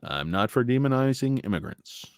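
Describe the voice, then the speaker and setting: Profane, animated man ranting on a livestream. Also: mid-range voice, moderate pace, no room sound, studio quality. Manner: profane, blunt, opinionated; rambling with frequent fillers. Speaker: stock market show host. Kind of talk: casual livestream rant.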